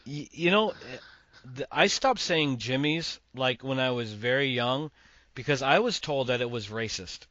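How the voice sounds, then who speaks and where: A man's voice: mid-range voice, unhurried, bright, forceful tone, no room sound, dull audio. A man from Massachusetts hosting a podcast, giving opinionated, rambling movie takes. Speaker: podcast host. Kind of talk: casual movie chat.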